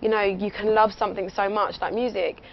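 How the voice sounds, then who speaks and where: A young woman from England rambles and giggles as an interview guest in a casual radio chat, leaning on lots of fillers. Her mid-range voice is flat in delivery and fairly quick. The audio is muffled and lo-fi, with faint noise.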